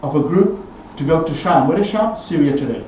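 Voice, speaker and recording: A man giving a Friday sermon in a mosque, telling stories animatedly and rising in pitch and force when he quotes people. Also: lively intonation, brisk, a little mellow, slight background noise. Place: mosque prayer hall. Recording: very echoey hall, voice from far off.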